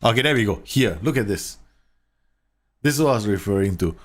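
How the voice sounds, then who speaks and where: A man's voice: lowish voice, animated, a little fast. A man giving casual, chatty commentary on football management game tactics, talking straight to his viewers and laughing at his own slips. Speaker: gaming YouTuber reviewing tactics.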